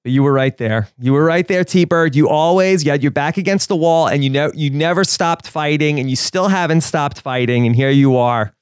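A man hosting a podcast interview, chatty and quick to laugh. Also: on the high side, clean tone, dry recording, studio quality. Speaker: podcast host. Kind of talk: casual interview chat.

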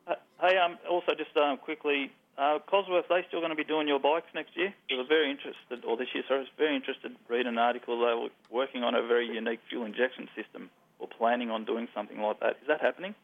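An Australian man calling in to a radio show, friendly and quick with a joke. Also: medium pitch, steady tone. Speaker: caller. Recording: tinny phone line.

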